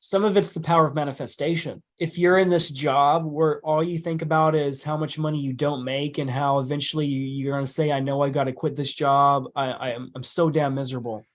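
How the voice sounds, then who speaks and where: Guy on a podcast, kinda high voice, blunt and emphatic, swears a lot. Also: steady tone, fairly quick, few pauses. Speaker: podcast guest, hypnotist. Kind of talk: casual conversation.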